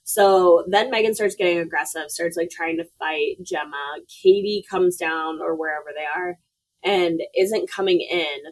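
A woman's voice: fairly low pitch, a little slow, low-quality recording. A woman co-hosting a podcast, recounting a film plot in a loose, profane manner with many fillers. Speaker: podcast co-host. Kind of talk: casual movie recap.

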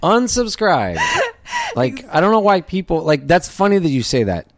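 A man's voice: fairly high pitch, big pitch swings, fairly quick, dry recording, studio quality. A man guesting on a podcast, talking in a loose, rambling way with lots of fillers. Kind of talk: casual interview chat.

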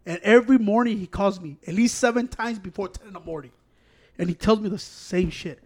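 High-voiced man, profane and rambling. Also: fairly quick. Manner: profane, rambling, mixing Spanish and English. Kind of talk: casual chat.

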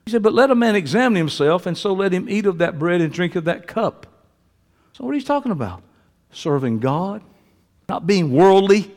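A male pastor delivers a folksy, joking sermon, dropping to soft asides and then climbing into loud preaching. His voice sits high and moves around a great deal. The sound carries a long reverb from the church hall. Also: sing-song, normal speed. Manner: folksy, joking, uses y'all and ain't. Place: church sanctuary.

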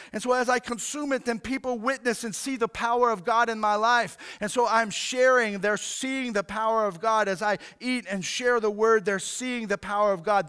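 A man's voice: extremely high pitch, fairly bright tone, clean tone. A middle-aged male pastor preaching a sermon in a casual, fired-up way, often saying "man" and "like".

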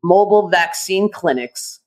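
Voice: mid-range voice, lively intonation, unhurried, poor audio. A podcast co-host giving opinionated, ranting commentary in casual chat.

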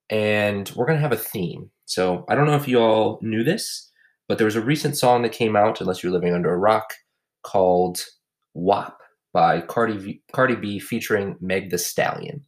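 A man hosting a casual comedy podcast, recapping his fantasy league with crude jokes and deadpan roasts. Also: lowish voice. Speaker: podcast host and league commissioner.

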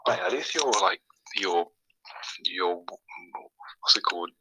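A man's voice: deep voice, expressive, slow pace, pushed and bright, slightly rough, rough recording. A young man, a podcast guest chatting casually and rambling with lots of fillers. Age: young adult. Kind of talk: casual chat.

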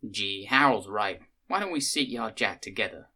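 A gushing, folksy tourist lady with a broad Southern US drawl, as a male narrator puts her on, talking a bit higher than his own low voice. She chatters on sweetly in a storybook reading, with a bright, forceful edge to the tone. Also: expressive, normal speed, full character voice. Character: chatty grey-haired American woman tourist.

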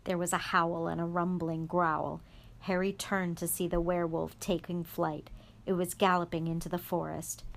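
A woman reading a chapter of a storybook aloud in a calm, even voice. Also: lowish voice. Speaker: guest reader.

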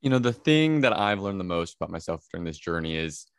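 A man's voice: deep voice, big pitch swings, fast talker, smooth, no echo, studio quality. A man being interviewed about his documentary, talking earnestly and reflectively and often repeating words as he thinks. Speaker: documentary filmmaker guest. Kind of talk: casual interview.

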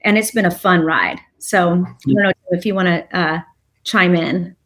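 A woman's voice: on the low side, normal speed, fairly bright tone. A woman guest in a casual interview, chatty and rambling, telling a long story and laughing often. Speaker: nonprofit co-founder and interview guest.

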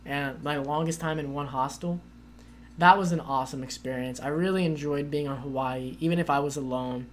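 Her voice is low and her pace brisk, with slight background noise behind it. As co-host of a casual chat, she spins out a long story, lots of fillers and "like", animatedly performing the quoted voices.

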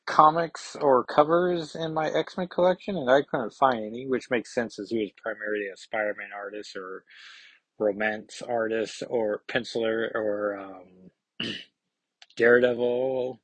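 Male comics podcast host, husky, halting casual delivery, dry close mic. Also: mid-range voice, no room sound, poor audio. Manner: hesitant, many fillers and restarts.

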